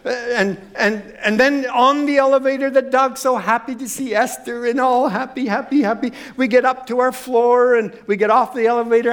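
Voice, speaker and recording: A male preacher giving a sermon, emphatic and animated, telling humorous stories and repeating phrases. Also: very high voice, normal speed, few pauses.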